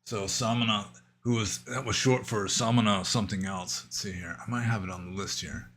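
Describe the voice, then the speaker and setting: A man with a somewhat low voice and a bright, crisp edge talks through viewer questions on a livestream. He thinks aloud, trailing off into asides and small hesitations. His delivery is unhurried and conversational. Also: steady tone, a little hiss or hum. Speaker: Buddhist monk answering viewer questions. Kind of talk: livestream Q&A, casual explanation. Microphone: livestream microphone.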